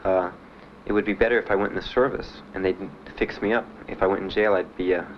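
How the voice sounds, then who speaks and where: A man being interviewed about his time in the service, telling his story in a halting, plainspoken way with many fillers. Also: sits low, fairly even intonation. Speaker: veteran interviewee. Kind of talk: documentary interview. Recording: dull archival recording with faint hiss.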